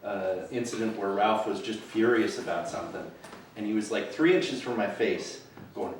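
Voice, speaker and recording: A man, an animator, telling a casual anecdote in an easygoing, expressive way, recorded from a distant mic with faint ambience behind. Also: lowish voice, normal speed, very echoey, slight background noise.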